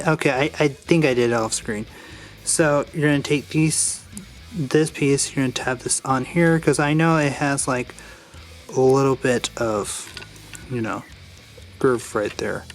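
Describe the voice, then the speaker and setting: A man talks through a toy build in a loose, chatty way, wandering into side stories and backtracking mid-sentence. His pitch sits in an ordinary middle range. Faint music plays behind him. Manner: rambling, digressive, restarts sentences. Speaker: Lego build reviewer. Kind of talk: casual build tutorial with rambling personal story.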